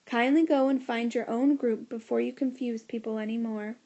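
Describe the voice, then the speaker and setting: A woman's voice: on the high side, steady tone, moderate pace, warm tone, muffled recording, close to an everyday voice. A woman voicing a stern, weary male schoolteacher with a commanding, exasperated manner in a storybook reading.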